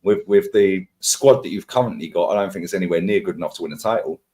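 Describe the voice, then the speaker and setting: A young man hosts a football chat, firing off teasing banter at a rapid clip. His voice sits low and he laughs easily between quick jabs. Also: mellow. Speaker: show host. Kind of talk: casual football debate.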